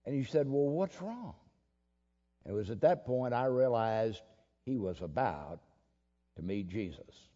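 Folksy preacher in a hall. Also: male voice, mid-range voice, big pitch swings, unhurried, pauses often, mellow. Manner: folksy, drawling, with many "uh" fillers. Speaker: pastor. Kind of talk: sermon storytelling. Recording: dull lo-fi audio in a long-reverb hall.

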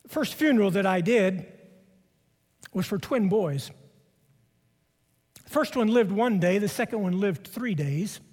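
A middle-aged man preaches in a very high voice, leaning hard on repeated phrases. His words ring out with a long reverb, as if from a large chapel. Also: lively intonation, a little mellow. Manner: slow, emphatic repetition of key phrases. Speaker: preaching professor. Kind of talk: sermon.

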